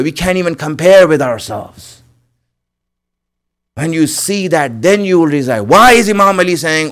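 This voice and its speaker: A man giving an earnest religious sermon, repeating phrases for emphasis and calling his listeners his friends. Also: a little high. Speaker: preacher.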